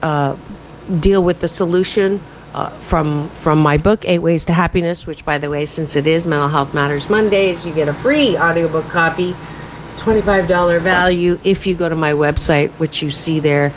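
A woman hosting a morning talk radio show as a happiness coach, talking in an animated, self-promoting, conversational way with frequent fillers. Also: deep voice, moderate pace, slight background noise, rough recording. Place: radio studio.

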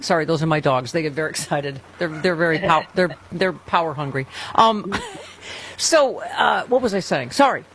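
A woman's voice: low voice, animated, moderate pace, crowd noise. Chatty laughing woman host. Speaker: show host. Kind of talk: casual interview chat.

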